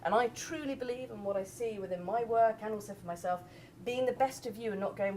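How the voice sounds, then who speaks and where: A woman's voice: mid-range voice, fast talker, a little hiss or hum, poor audio. A woman, giving frank but kind feedback to a speaker. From England. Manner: frank, reflective, gently corrective. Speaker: judge.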